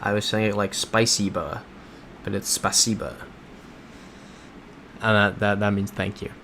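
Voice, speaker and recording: A livestream host plays a geography game and chats casually at a quick pace, reading out viewers' comments and reacting with easy, laid-back replies and soft chuckles. His somewhat low voice carries a faint noise hum behind it.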